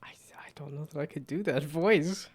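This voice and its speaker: A husky-voiced man talks at normal speed while he builds a game on a live stream. His chat is casual, rambling and self-mocking, broken up by frequent laughter and goofy high-pitched whoops.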